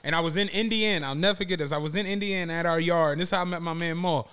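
A man with a Philadelphia accent, hosting a podcast and telling animated, laughing stories in casual chat. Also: a little high, rapid-fire, clear, resonant tone. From Southwest Philadelphia.

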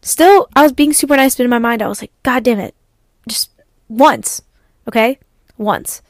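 A young adult woman hosting a podcast, telling a story in casual, animated, exasperated venting and acting out her own replies. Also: fairly high pitch, normal speed, no echo, studio quality. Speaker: podcast host.

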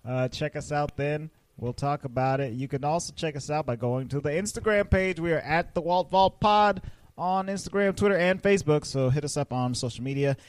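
A man's voice: fairly high pitch, brisk, clear, resonant tone, no echo. A man co-hosting a podcast, running through the show's plugs in an upbeat, joking way. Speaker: podcast co-host. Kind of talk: casual chat and show plugs.

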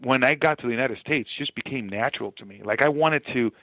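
A man in his forties, a former ballplayer, telling his story in an interview with earnest, animated energy and frequent repeated phrases. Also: mid-range voice, fast talker, no room sound. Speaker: podcast guest, former baseball player. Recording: dry, narrow phone-like sound.

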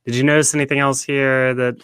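A man's voice: medium pitch, level tone, fairly quick, fairly bright tone, clear, resonant tone, no echo. Chatty man, dry close sound. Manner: conversational, asks his co-host questions. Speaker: podcast co-host. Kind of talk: casual recap chat.

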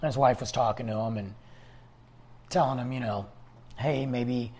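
A man's voice: mid-range voice, steady tone, brisk, darkish tone, slightly rough. A man hosting a podcast, rambling along in casual conversational storytelling. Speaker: podcast host. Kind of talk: casual solo talk.

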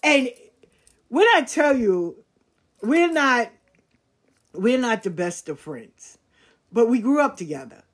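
A woman with a voice on the high side tells a personal story slowly, leaving long pauses. Her talk is casual, slangy and frank, and she animatedly acts out the voices of the people she quotes.

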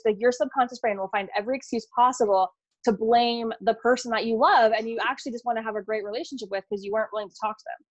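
A woman business coach talking as a podcast guest, rapid and animated, saying "like" and "literally" often. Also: fairly high pitch, dry recording, highs cut off. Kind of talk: casual podcast interview.

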